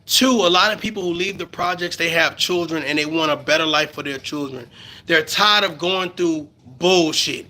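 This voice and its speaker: Heated Bronx man ranting on a livestream. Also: normal speed. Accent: New York. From the Bronx, New York. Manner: profane, heated, swings from low mutters to loud outbursts. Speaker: live-stream commentator. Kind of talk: ranting live-stream commentary.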